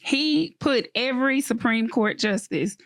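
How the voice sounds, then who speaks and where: A woman co-hosting a casual podcast chat, giving slow, emphatic opinions. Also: on the high side, expressive, vocal fry, dry recording. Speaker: podcast co-host.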